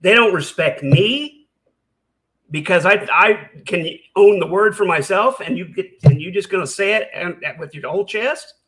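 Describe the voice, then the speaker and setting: A man's voice: high voice, expressive, normal speed, a bit bright. A man hosting a reaction commentary, ranting in a heated, sarcastic and profane way. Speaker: commentary channel host.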